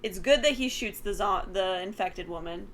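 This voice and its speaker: A woman's voice: medium pitch, normal speed, slight background noise. A woman reviewing a horror film in casual chat, sleepy and full of fillers as she recaps scenes. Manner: chatty, filler-heavy, giggly retelling. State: sleepy, yawning.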